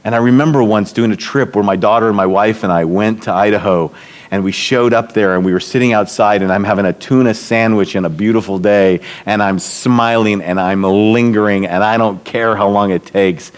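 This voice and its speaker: A man's voice: lowish voice, steady tone, moderate pace. Middle-aged man telling stories at a church event. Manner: warm storytelling, acts out quotes with raised voice. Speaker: speaker at a church leadership event. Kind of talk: storytelling talk.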